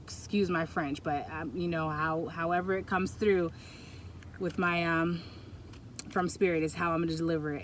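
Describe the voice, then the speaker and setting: A woman gives a pick-a-pile tarot reading in a fairly low voice. She rambles and stops herself often, and her talk turns emotional. A Bluetooth mic picks her up over a faint background hiss. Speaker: tarot reader.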